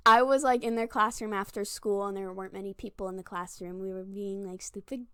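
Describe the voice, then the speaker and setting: A woman's voice: mid-range voice, steady tone, a little fast, clear, resonant tone, no echo, studio quality. A woman of twenty-one telling funny stories to camera in a chatty, self-mocking way, full of "like". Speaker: vlogger. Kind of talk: casual storytelling to camera.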